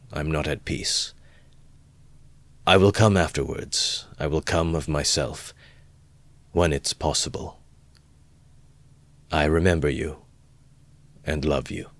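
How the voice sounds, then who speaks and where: A man with a very deep voice reading the lines of a feverish young man quietly and slowly, in a low mutter. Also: no room sound, heavily acted. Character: feverish brooding young man, resolved and withdrawn.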